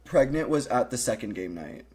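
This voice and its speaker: A man's voice: medium pitch, animated, warm tone. Chatty man co-hosting a podcast. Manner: chatty, laughing, quick restarts and quoted voices. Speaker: podcast co-host. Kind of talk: casual chat.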